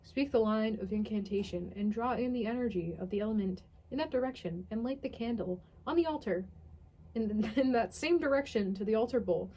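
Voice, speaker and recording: A woman's voice: fairly high pitch, expressive, brisk, dark tone. A young woman reading a strange ritual text aloud and commenting on it. Tired, sardonic and swearing often. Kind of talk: dramatic reading with casual commentary.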